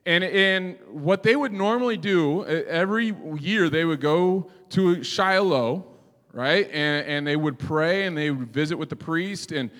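A man's voice: a little high, a bit bright, big-room sound. A male pastor preaching a conversational sermon, often checking in with "right?".

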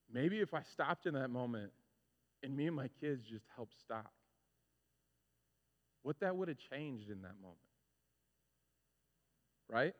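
A male pastor preaching a sermon, telling stories with lively, animated delivery and acting out his own frustrations. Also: medium pitch. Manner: animated storytelling, acts out his own complaints. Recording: muffled sound with long hall reverb.

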